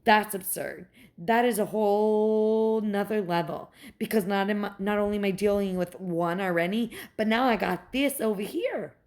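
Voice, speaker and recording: A young woman, a mother, in a heated and profane personal rant, sarcastic and quick to mock others. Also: mid-range voice, darkish tone. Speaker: mother venting about her ex's family.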